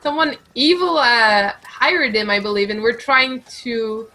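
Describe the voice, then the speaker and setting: A woman playing a tabletop roleplaying game and voicing her character in her own chatty way. Her voice is high and bright. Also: lively intonation, unhurried. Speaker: player. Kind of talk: casual tabletop role-play.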